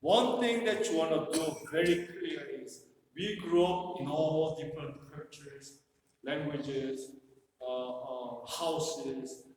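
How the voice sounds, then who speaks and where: Heard at a distance in an echoey hall with faint background noise, a man leads a live workshop group. His voice is slightly high and a bit mellow, his pace slow, and his talk is casual and joking, full of "you know."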